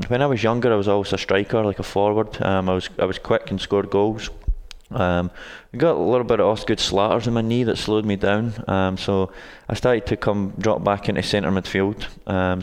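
A Scottish college soccer coach in his twenties, appearing as a guest, gives casual interview answers in a very deep, even voice that rarely rises or falls. His tone is smooth and resonant, but he hesitates often with ums and restarts. A long reverb makes it sound like a hall.

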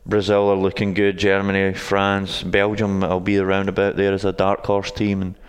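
A man's voice: low voice, completely flat delivery, moderate pace, clean tone, big-room sound. A Scottish man in his twenties answers interview questions in a casual, hesitant way, with many ums and restarts. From Scotland. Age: 20s. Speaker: guest, college soccer coach.

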